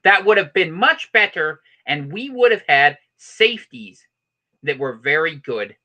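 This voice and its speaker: A man doing a booming mock TV newscaster. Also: very animated, measured pace, pushed and bright, lo-fi sound, exaggerated voice. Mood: mock-serious. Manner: booming, mock-serious delivery. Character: overexcited male local TV newscaster.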